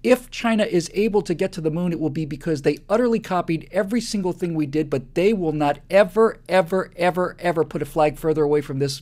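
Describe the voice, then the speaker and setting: A man's voice: a little high, darkish tone. A man hosting a live show, delivering an impassioned monologue that builds into emphatic repetitions.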